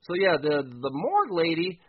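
A man's voice: a little high, wildly swooping pitch, moderate pace, slightly rough, narrow, tinny audio. A man casually recapping a comic book chapter, swearing freely and laughing as he goes. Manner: loose and profane, laughs while recapping.

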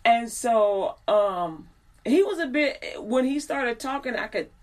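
A woman's voice: a little high, animated, slow. A woman in her forties telling a personal story in a casual, rambling way, acting out the people she quotes. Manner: chatty, digressive, acts out quoted people. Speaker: host.

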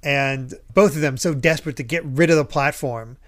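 A man's voice: fairly high pitch, normal speed. A man hosting a podcast, chatting casually about a comic and quoting its characters with lots of laughter. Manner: laughs often, quotes characters animatedly. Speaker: podcast host.

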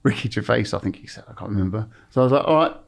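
A man's voice: fairly low pitch, animated, rapid-fire, creaky. An English man, a former football TV presenter, telling stories as a podcast guest, swearing freely, laughing through them and acting out what people said. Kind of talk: anecdotal storytelling. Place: podcast studio.

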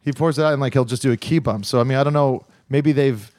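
A man's voice: medium pitch, fast, darkish tone, dry recording. Man hosting a chat podcast, rambly, dry close sound. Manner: rambling with many fillers and restarts. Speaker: podcast host. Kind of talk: casual chat.

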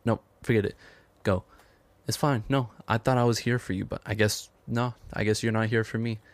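A man voicing a clingy figure on a videotape who sulks and guilt-trips his friend, speaking a little higher than his own voice. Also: steady tone, normal speed, dry recording, close to an everyday voice. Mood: sulky. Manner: sulky, guilt-tripping.

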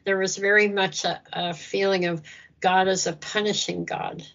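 Gravelly-voiced woman talking earnestly. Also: mid-range voice, little pitch movement, moderate pace, a bit bright, muffled recording. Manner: earnest, acts out prayers in a lifted voice. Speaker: guest speaker on Christian ministry. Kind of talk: conversational interview.

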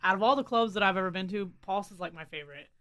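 A young woman co-hosting a relaxed podcast, with a voice of middling pitch. She talks in a chatty, enthusiastic way and swears casually. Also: very fast. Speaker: podcast co-host. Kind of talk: casual chat.

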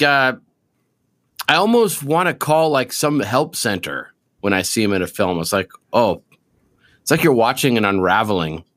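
A man co-hosting a podcast, chatting casually about movies, animated and profane, with loose rambling restarts. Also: lowish voice. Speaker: podcast co-host.

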